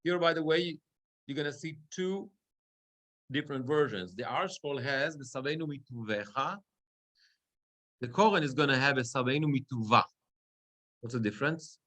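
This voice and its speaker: A man's voice: on the high side, expressive, moderate pace, a bit bright. A cantor and rabbi teaching a class on prayer chanting. He explains step by step and often asks "right?" to check that his students follow.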